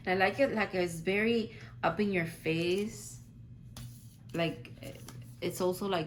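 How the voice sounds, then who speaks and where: A woman's voice: lowish voice, takes it slowly, low-quality recording. Rambling tarot-reading woman, faint hiss. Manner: rambling, effusive, many "like" fillers. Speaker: tarot reader. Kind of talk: casual spoken tarot reading.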